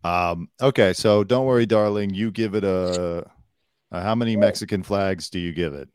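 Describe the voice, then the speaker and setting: Deep-voiced sarcastic man hosting a podcast. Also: normal speed, a little mellow, clear, resonant tone, no echo, clean studio sound. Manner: joking, sarcastic, swears freely. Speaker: podcast host. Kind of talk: casual comedic chat. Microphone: desk mic with headphones.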